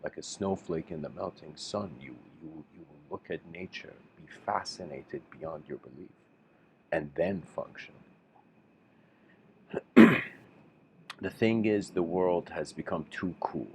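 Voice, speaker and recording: Guy with a really low voice musing through a spiritual lecture, lots of restarts, faint hiss behind. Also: low-quality recording. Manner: halting, restarts often, musing.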